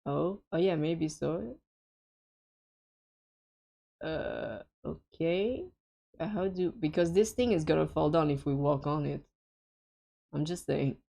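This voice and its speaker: A woman's voice: low voice, slow pace, creaky, long pauses, warm tone. A woman streaming a co-op game with friends, chatting casually and hesitantly with lots of fillers and frequent giggles.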